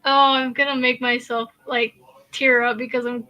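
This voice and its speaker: A woman's voice: fairly high pitch, level tone, normal speed, dull audio. A woman from Kansas hosting a crochet live stream, chatting casually, laughing often and answering viewer comments as she works. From Kansas, USA. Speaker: crochet channel host.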